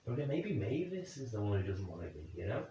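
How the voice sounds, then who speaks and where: A fairly low-voiced man works through his theories out loud and asks questions into an empty room, pausing to reason and second-guess himself. He sits some way from the mic, and the room rings with heavy echo. The sound is dull and lo-fi. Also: big pitch swings, a little hiss or hum. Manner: speculative, questioning, addresses spirits directly. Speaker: paranormal investigator. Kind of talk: thinking aloud during a night vigil. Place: indoor room at night. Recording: very echoey, distant, dull lo-fi sound.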